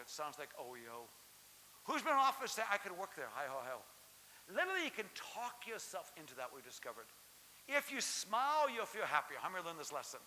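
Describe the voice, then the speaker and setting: A middle-aged man giving a lively conference keynote, joking and quizzing the audience. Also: high voice. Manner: animated, jokey, quizzes the audience. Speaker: keynote speaker. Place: large lecture hall. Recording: hissy hall reverb.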